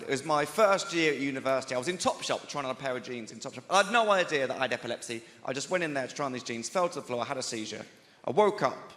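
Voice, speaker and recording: A young man doing a stand-up routine, chatty and self-deprecating, laughing between jokes. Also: medium pitch. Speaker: stand-up comedian. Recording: live theatre, echoey hall, loud crowd.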